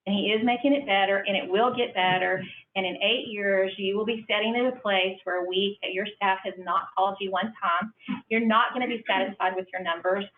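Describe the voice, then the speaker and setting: A woman's voice: mid-range voice, fairly even intonation, a little fast, a little hiss or hum. A middle-aged woman, telling a heartfelt personal story to a conference audience in an earnest, emotional way. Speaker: franchise owner speaking at a business conference. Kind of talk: personal testimony talk. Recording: far-off, echoey, phone-like hall audio.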